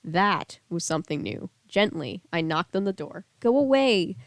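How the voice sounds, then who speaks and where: A woman's voice: deep voice, moderate pace, fairly bright tone, no echo. A woman streamer reading a novel aloud on stream, with casual asides and self-corrections.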